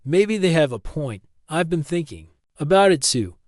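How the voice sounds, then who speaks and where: A man voicing a gentle, careful young man in a storybook reading, in his own plain voice. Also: on the high side, big pitch swings, moderate pace, dry recording, clean studio sound.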